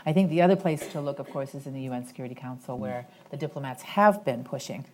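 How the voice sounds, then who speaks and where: A woman speaking as a panelist at a policy discussion, measured and diplomatic, choosing her words carefully. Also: rumbling low, darkish tone.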